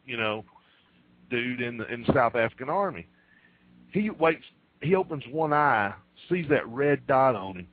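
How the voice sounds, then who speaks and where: A male roundtable guest tells his story at an easy, laid-back pace, filling gaps with "uh". His voice sits at a middle pitch for a man and comes through a muffled, lo-fi line. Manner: laid-back, many "uh" pauses. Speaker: guest wrestler. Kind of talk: casual storytelling. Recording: dull lo-fi line.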